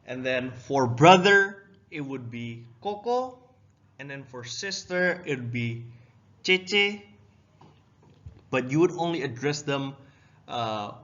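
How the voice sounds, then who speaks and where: A man's voice: medium pitch, animated, takes it slowly, fairly bright tone. A young man from Indonesia, giving a casual language lesson and explaining words step by step. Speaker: language teacher. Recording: dull, lo-fi sound.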